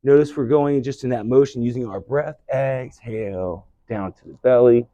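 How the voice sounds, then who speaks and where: A man teaching yoga, giving calm breath-paced cues and gentle encouragement, out of breath. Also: medium pitch, moderate pace, no room sound, muffled recording. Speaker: yoga instructor. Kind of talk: guided yoga cueing.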